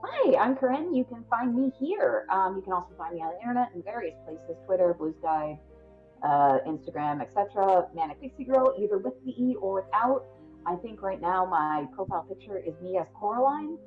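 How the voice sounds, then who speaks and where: A woman's voice: mid-range voice, very animated, fairly quick. Chatty Midwestern woman, lo-fi stream. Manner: chatty and rambling, many ums. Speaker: tabletop game player and podcast host. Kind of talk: casual sign-off chat. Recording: dull lo-fi stream audio, faint music.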